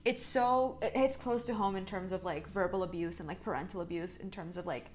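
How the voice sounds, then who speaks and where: A woman's voice: fairly low pitch, fairly quick. Earnest woman co-host. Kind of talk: casual chat.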